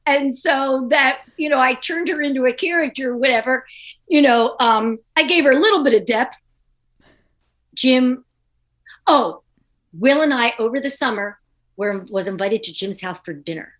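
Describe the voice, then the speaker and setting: A woman comedian guest telling a lively anecdote in a podcast interview, acting out the people she quotes. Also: high voice. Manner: animated, acts out quoted voices.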